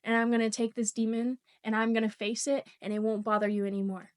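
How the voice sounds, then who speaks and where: A woman quoting her grandfather, a calm, reassuring older male medicine man, in her own voice. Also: a little high, fast, close to an everyday voice.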